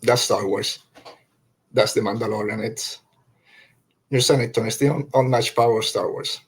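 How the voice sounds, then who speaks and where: A man's voice: lowish voice, steady tone, moderate pace, husky. A middle-aged man hosting a podcast, reviewing an episode in an emotional, heartfelt way, sighing and restarting his sentences as he gets choked up. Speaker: podcast host.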